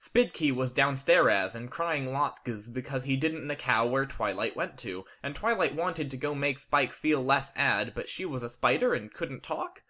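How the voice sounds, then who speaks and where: Narrator: man, bright tone, deadpan straight read, home mic. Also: medium pitch, unhurried, few pauses. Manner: straight-faced, reads mistakes as written. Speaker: narrator, fan fiction reader. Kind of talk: deadpan storybook reading. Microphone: home condenser microphone.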